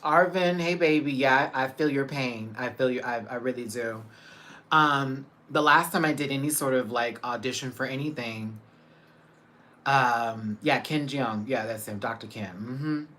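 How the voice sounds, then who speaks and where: A man's voice: medium pitch, unhurried, bright, forceful tone. A man hosting a casual livestream, chatting with viewers, greeting them by name and laughing often. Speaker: livestream host. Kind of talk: casual live chat with viewers.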